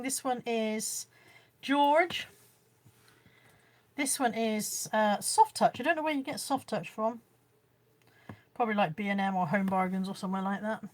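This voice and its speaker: A woman chatting casually on a live stream at home, showing her haul and reading out viewer comments. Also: a little high. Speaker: vlogger. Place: room at home.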